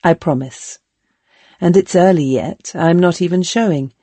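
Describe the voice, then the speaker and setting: A woman's voice: fairly low pitch, a little slow, warm tone, no echo. A woman reading a determined young freed woman. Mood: earnest. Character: young woman, former slave, determined and loving.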